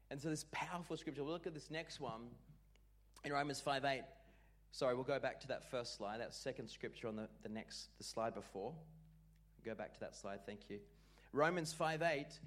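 A man preaching a sermon, expressive and call-and-response, leading the congregation and joking with them. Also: mid-range voice, normal speed. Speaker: pastor.

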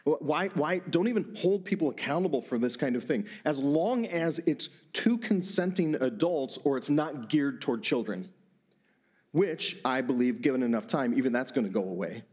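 A middle-aged man preaching a sermon as pastor, animated, stumbling over repeated words in quick bursts. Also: mid-range voice.

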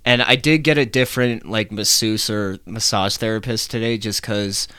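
A man's voice: on the low side, steady tone, moderate pace, bright, forceful tone, clear, resonant tone, no room sound, studio quality. A young man hosting his own podcast, talking casually in a rambling, chatty way and swearing offhandedly. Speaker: podcast host. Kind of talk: casual solo podcast talk.

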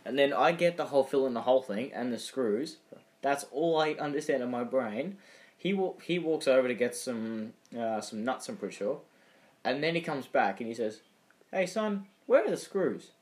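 A man's voice: mid-range voice, normal speed. A young Australian man co-hosting a podcast, telling rambling stories in casual chat and acting out other people's voices. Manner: rambling storyteller, acts out voices. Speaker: podcast co-host.

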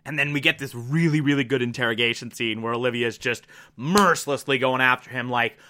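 Excitable bright-voiced man recapping. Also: medium pitch, fairly quick, slight background noise. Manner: enthusiastic, rambling, laughs at himself. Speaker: TV episode reviewer. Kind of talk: casual recap monologue. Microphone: desk mic.

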